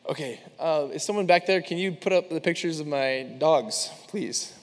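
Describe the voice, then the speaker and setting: A man's voice: fairly high pitch, moderate pace. A young man giving a casual, chatty sermon full of personal stories, talking earnestly with many fillers. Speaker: preacher. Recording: long hall reverb.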